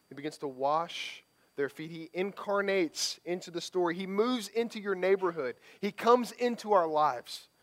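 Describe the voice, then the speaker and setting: High-voiced conversational male pastor. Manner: conversational, tag questions, repeated restarts. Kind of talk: sermon.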